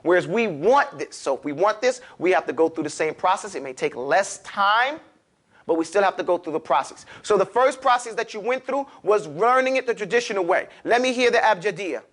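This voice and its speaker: A man with a New York accent teaching a class, lively and animated, urging his students to repeat after him. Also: high voice, brisk. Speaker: Arabic teacher. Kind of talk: classroom lecture.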